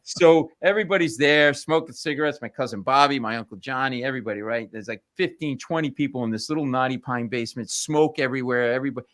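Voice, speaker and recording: A male comedian telling family stories on a talk show, animated and punchy, slipping into voices. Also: medium pitch, quick pace, hardly any pauses, dry recording. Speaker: comedian guest. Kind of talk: comic storytelling.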